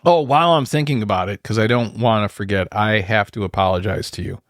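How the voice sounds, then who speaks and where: A man's voice: on the low side, fast, fairly bright tone, dry recording, studio quality. A man co-hosting a casual podcast, talking loosely with lots of fillers and laughing easily. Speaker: podcast co-host. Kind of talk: casual chat.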